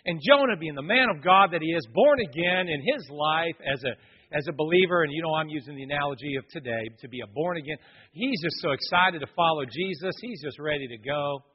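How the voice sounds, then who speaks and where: High husky guy preaching, big echoey hall, lo-fi sound. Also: fairly quick. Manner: storytelling, animated, acts out voices of others. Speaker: pastor. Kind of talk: sermon. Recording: dull lo-fi audio in a long-reverb hall.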